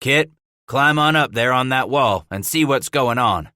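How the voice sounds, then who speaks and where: A man's voice: mid-range voice, lively intonation, measured pace, sharp tone, no room sound, clean studio sound, voice pushed up. A man voicing a commanding male trapper brigade leader who gives blunt orders. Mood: gruff.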